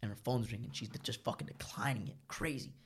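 A young man casually telling a long, profane story, rambling and animated. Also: medium pitch, fast, breathy edge.

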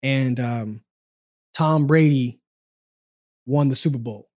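Guy in his 40s chatting on a podcast, mellow warm voice, laid back storytelling. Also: medium pitch, slow pace. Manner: relaxed, conversational, acts out quoted dialogue. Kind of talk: casual storytelling conversation.

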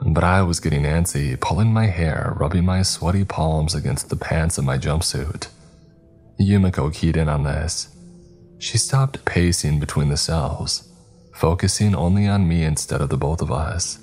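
A man narrating a first-person horror story in a steady, measured scripted reading. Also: very deep voice, faint music behind.

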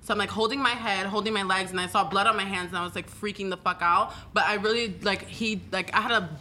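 Bright-voiced woman telling her story. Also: mid-range voice, steady tone, quick pace, slight background noise. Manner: rambling, filler-heavy with frequent "like" and swearing. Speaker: guest. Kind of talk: casual interview storytelling.

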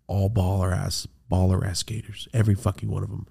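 A man hosting a podcast, telling a story in casual chat, animated and swearing a lot. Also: low voice, fairly quick, vocal fry, husky. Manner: animated, swearing, quoting friends in put-on voices. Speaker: podcast host.

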